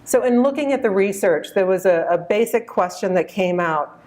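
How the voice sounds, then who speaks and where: A woman in her fifties giving a conference keynote, measured and storytelling, addressing the audience directly. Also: medium pitch, expressive, a little mellow. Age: 50s. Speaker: keynote speaker.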